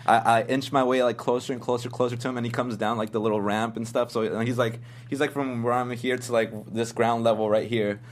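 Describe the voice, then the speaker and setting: A man's voice: mid-range voice, level tone, fairly quick, hardly any pauses. A young man telling a story in casual chat, rambling and earnest with lots of fillers.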